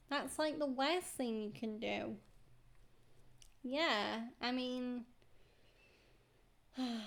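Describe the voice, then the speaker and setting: Slow, chatty young woman streamer. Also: a little high, gravelly, a bit bright. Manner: chatty, rambling with fillers. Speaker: game streamer. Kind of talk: casual game commentary.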